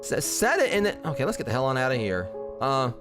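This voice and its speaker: Man, very lively swinging voice, animated gamer, soft game music behind. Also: medium pitch, fast talker. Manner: animated, exclaims and teases. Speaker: livestream gamer. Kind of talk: casual gaming chat.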